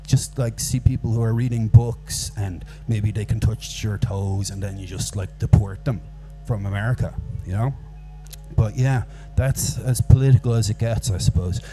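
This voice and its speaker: A man's voice: on the low side, normal speed, over music. A man from Ireland with an Irish accent, doing a rambling, self-mocking stand-up set into a handheld microphone at a live venue. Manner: rambling, self-mocking, puts on silly voices for quoted people. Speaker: stand-up comedian. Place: live comedy venue with audience.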